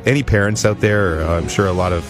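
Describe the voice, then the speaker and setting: A man's voice: fast talker, over music. A middle-aged man from Canada hosting a comedy podcast, telling a story in casual chat and acting out the people in it. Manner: animated storyteller, acts out quotes with high shrieks and laughs. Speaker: podcast host.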